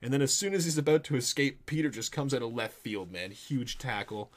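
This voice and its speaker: A grown man co-hosting a casual movie review chat, animated and laughing, trailing off into low mumbles. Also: a little fast. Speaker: podcast co-host.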